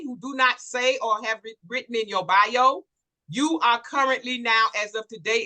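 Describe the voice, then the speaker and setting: High, bright, hyped meeting host woman. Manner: hyped, cheering whoop-whoop calls. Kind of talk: hosting a video call. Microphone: video call.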